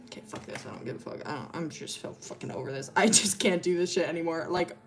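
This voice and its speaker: A fed-up young woman mutters low, breathy curses as she gives up on everyone around her, as a storyteller puts her on. The voice drops under the teller's usual pitch, tired and flat, full of swearing. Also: brisk, lightly acted.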